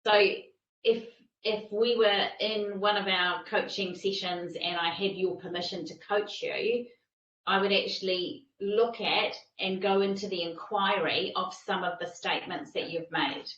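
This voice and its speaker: A woman's voice: medium pitch, fairly even intonation, unhurried, fairly bright tone, highs cut off, slight background noise. Emphatic woman coach, roomy distant sound. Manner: emphatic, repeats phrases for stress. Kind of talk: teaching a masterclass.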